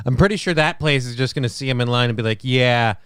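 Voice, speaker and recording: Co-host guy, dry jokes, smooth clear voice, dead dry sound. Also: medium pitch, rapid-fire, a bit bright, no room sound. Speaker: morning show co-host. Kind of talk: casual comedic chat.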